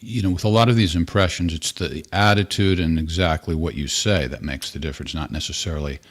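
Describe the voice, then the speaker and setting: Male host, very low voice, loose rambling talk. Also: a little fast. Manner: rambling, conversational. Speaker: podcast host. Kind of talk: casual chat.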